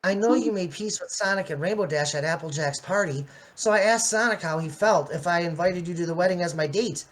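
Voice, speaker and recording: A woman's voice: lowish voice, brisk, few pauses, natural voice. A woman voicing Chris, a shy and affectionate young man, in an amateur fan drama. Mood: earnest.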